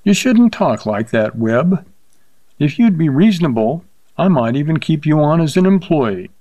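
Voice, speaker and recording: A man's voice: fairly high pitch, very animated, normal speed, mellow, dry recording, dull audio, pitched above the performer's own voice. A man voicing an insolent, condescending banker who mocks and threatens in a slightly raised voice. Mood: mocking. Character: smug fat banker, mocking and threatening.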